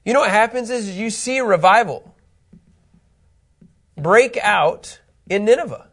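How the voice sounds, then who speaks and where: A middle-aged man with a slightly raised voice leads a Bible lesson. He is animated and talks to the room casually, regularly stopping to check that his listeners are following along. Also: sits high, unhurried. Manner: animated, keeps asking "okay?" to check understanding. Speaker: Bible teacher. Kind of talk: Bible teaching.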